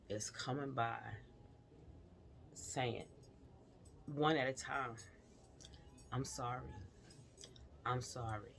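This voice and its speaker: A woman's voice: a bass voice, vocal fry, slight background noise. A woman vlogger telling a personal story in casual conversation, speaking straight to her viewers. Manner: animated retelling, acts out quoted dialogue; speaks directly to the audience.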